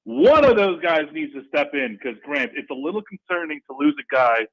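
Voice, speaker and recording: A man calling in to a sports talk radio show, excitable and rambling, with lively jumps in pitch. The call sounds dull and lo-fi over the phone line. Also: normal speed. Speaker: regular caller.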